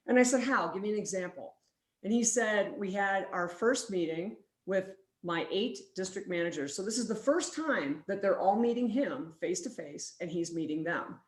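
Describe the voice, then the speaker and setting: Lively woman speaker in an echoey room. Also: mid-range voice, normal speed. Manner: lively, acts out quoted dialogue. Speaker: keynote speaker. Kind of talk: conference keynote storytelling. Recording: roomy, echoey hall.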